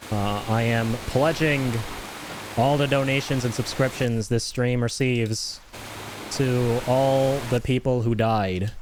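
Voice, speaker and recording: A man's voice: medium pitch, fairly even intonation, slow, noisy background. A man streaming a game, chatting casually with jokes and mock-serious asides, rambling and restarting his sentences. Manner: joking, ironic, rambling with restarts. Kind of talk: casual gameplay commentary.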